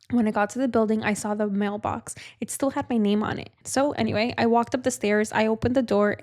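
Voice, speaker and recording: Young woman telling a raw personal story. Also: fairly high pitch. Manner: candid, emotional confessional telling. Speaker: podcast host.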